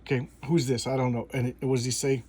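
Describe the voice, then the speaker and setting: A man talks through a comic book review in a loose, rambling way, stumbling over restarts and chuckling as he goes. His voice has a husky, slightly raspy grain at a middling pitch. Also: little pitch movement, fast talker, a little mellow. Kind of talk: casual spoken comic review.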